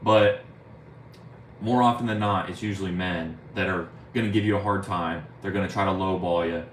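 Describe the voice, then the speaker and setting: A man's voice: low voice, steady tone, normal speed. Profane rambling young guy streaming. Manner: rambling, profane, says "bro" often; reads viewer chat aloud. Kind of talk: casual live-stream chat. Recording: roomy, faint ambient noise.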